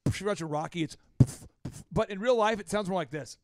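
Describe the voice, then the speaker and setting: A man from Oklahoma hosting a podcast in casual chat, telling animated stories and acting out characters. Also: sits high, quick pace. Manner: animated storyteller, acts out characters. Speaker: podcast host.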